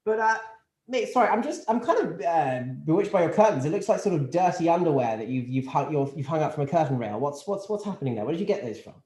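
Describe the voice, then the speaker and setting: A smug, entitled Tory minister, as a comedian puts him on, speaking in a plummy upper-class English voice and rambling through posh fillers and casual swearing. The voice sits at a middle pitch and sounds like it was recorded in an echoey room. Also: male voice, lively intonation, fast talker, darkish tone, natural voice. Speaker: comedian in character as a government spokesman. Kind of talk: improvised satirical press conference.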